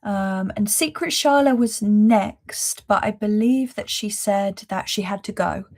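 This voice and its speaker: A woman hosting a live spiritual reading, talking in a gentle, effusive, affirming way with soft laughs between phrases. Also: mid-range voice, measured pace. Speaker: spiritual reader and host.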